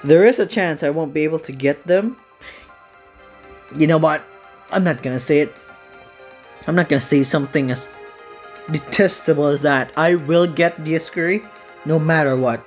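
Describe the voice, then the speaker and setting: A woman's voice: low-pitched, normal speed, pauses often, faint music behind, rough recording. A woman hosting a gaming video, giving casual commentary on her game pulls in an anxious, pleading, dramatic way.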